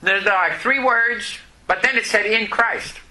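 Man preaching, high voice, very bright, drawn-out emphatic phrasing. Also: rough recording. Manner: preaching slowly with emphatic repetition. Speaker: pastor. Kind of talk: sermon.

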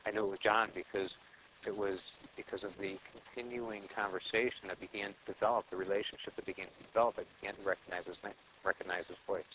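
A man's voice: lowish voice, steady tone, quick pace, fairly bright tone, a little hiss or hum, poor audio. A man giving a conversational sermon, telling a story in a plain voice and repeating short exhortations. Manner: storytelling, acting out dialogue in plain voice; repetitive, exhortative phrasing. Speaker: preacher.

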